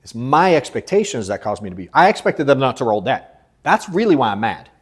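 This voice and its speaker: A man's voice: very animated, fairly quick, slightly rough. Blunt, profane man coaching a room. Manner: blunt, profane, swings from emphatic to low and quiet. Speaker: sales coach. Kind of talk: live coaching session with an audience.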